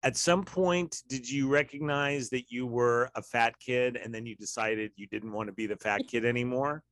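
A man's voice: medium pitch, fairly even intonation, normal speed, fairly bright tone, no room sound. Wry rambling man hosting a chat. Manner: wry, rambling, sarcastic asides. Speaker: podcast host. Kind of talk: casual chat.

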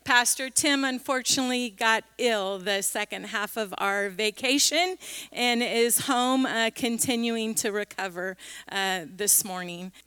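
A female pastor welcomes a church congregation and makes announcements in an unhurried way with a few fillers. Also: fairly high pitch, a bit bright, clean tone, in a large hall. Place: church sanctuary.

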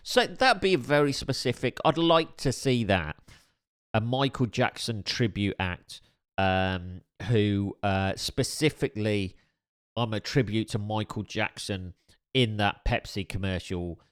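Brief: man, low voice, unhurried rambling anecdote, dry wit. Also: clean tone. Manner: rambling, hesitant, many fillers and restarts; dry, wry humor. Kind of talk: casual storytelling chat.

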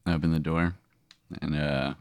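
A man's voice: rumbling low, flat delivery, moderate pace, a little mellow, dry recording. A man playing in a tabletop game, asking dry, hesitant questions. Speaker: player, comedian. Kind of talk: casual game play.

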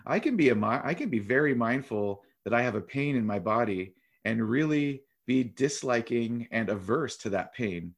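A man giving a dharma talk as a meditation teacher, explaining calmly with unhurried pauses between phrases. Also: mid-range voice.

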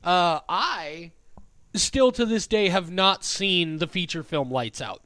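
A male podcast co-host chatting casually, his voice high and very smooth. He rambles through stories with plenty of "uh"s and swears freely. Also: lively intonation, takes it slowly, pushed and bright, no echo. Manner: swearing, rambling with many fillers. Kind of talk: casual chat.

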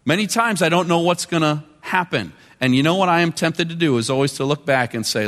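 A man pastor giving a sermon, conversational, moving between quiet and emphatic delivery. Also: fairly high pitch, animated, a little fast, hardly any pauses. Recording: long reverb of a large hall.

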